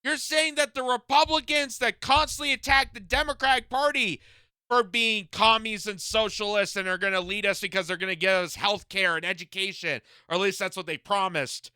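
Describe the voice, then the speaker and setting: A man's voice: high-pitched, fairly even intonation, moderate pace, sharp tone, smooth, no echo. A man hosting a political reaction commentary, mocking and incredulous, often laughing at what he reacts to.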